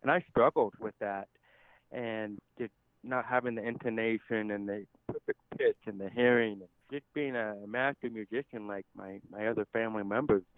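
A man's voice: fairly low pitch, fairly even intonation, moderate pace, no room sound. An American man with a deaf accent, speaking as a podcast guest in an earnest, effusive, grateful way. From United States. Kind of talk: casual interview talk. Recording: tinny phone-like line, dry.

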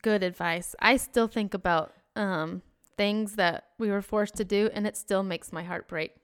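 Upbeat woman podcast co-host, clear voice. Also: mid-range voice, fairly even intonation, unhurried. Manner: upbeat, laughs easily. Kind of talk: casual podcast chat.

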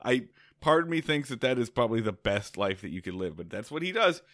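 A man's voice: medium pitch, sing-song, fairly quick, a bit bright, no room sound, studio quality. A man co-hosting a casual podcast, telling a rambling story with many restarts and laughs. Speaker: podcast co-host.

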